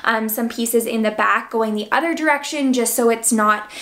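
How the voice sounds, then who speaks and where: A young woman with a slightly high voice talks a camera through her hair routine at home, in a loose, chatty way with many fillers. She sounds a little out of breath as she goes. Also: moderate pace, a bit bright. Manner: chatty, filler-heavy with frequent "like" and "um". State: out of breath, seven months pregnant. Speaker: beauty vlogger. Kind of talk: casual hair tutorial talk to camera.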